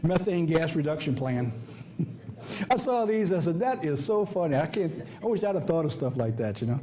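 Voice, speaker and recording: Emphatic Southern preacher, mellow voice. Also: male voice, a little high, sing-song, fairly quick. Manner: emphatic, rhetorical questions, folksy asides. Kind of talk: sermon. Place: church office or studio.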